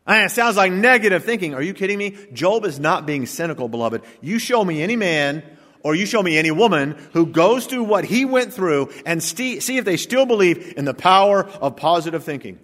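A man's voice: fairly high pitch, big pitch swings, moderate pace. Emphatic male pastor in a reverberant hall. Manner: emphatic preaching with rhetorical questions and big swings in loudness. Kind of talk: sermon. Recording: long reverb of a large hall.

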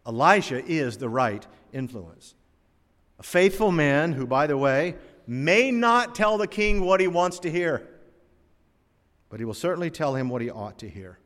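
A man in his sixties, from North Carolina, preaching a sermon with stories, swinging between emphatic rises and quiet drops. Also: mid-range voice. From North Carolina, USA. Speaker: pastor. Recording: long hall reverb.

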